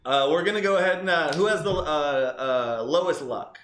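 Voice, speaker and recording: A man's voice: fairly high pitch, moderate pace, fairly bright tone, reverberant, a little hiss or hum. A man running a tabletop game as game master, casual and joking, laughing often.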